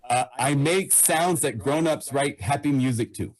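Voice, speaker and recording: A man being interviewed casually, answering in halting, self-deprecating bits and laughing at himself. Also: medium pitch, low-quality recording. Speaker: guest.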